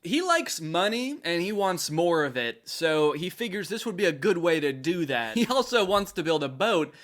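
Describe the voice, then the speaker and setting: A man's voice: sits high, sing-song, moderate pace, a bit bright. A man doing comedic reaction commentary, sarcastic and jokey, laughing at his own bits. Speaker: YouTube commentator.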